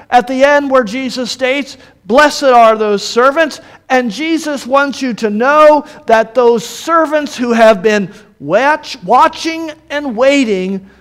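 A man with a very high, smooth and clear voice preaching a sermon. He speaks slowly and emphatically, letting his voice sink soft on the words he stresses. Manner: slow, emphatic delivery that drops soft on key words.

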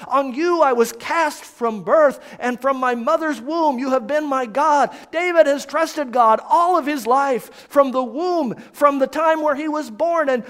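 Slow, high-voiced male preacher. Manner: slow, deliberate, dropping to a hush on somber lines. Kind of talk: expository sermon.

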